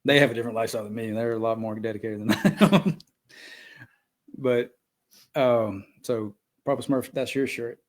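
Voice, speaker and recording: A man's voice: medium pitch, fairly even intonation, normal speed. Easygoing man podcast host. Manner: easygoing, asks questions, laughs along. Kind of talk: casual podcast chat.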